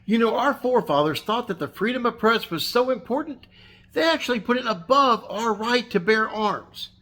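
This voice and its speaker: A man's voice: very high voice, lively intonation, moderate pace, sharp tone. A man hosting his fishing channel, delivering a sarcastic, combative rant and telling a story. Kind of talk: ranting vlog monologue and anecdote.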